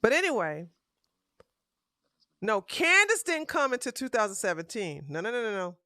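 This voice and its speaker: High, bright-voiced woman ranting profanely. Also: very animated, normal speed, dry recording, studio quality. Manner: profane, combative, rambling with restarts. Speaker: live-stream host. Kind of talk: ranting live-stream commentary.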